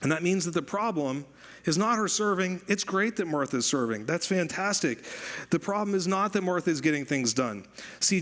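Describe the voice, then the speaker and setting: A man preaching a sermon as pastor, conversational and animated, repeating phrases for emphasis. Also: fairly high pitch.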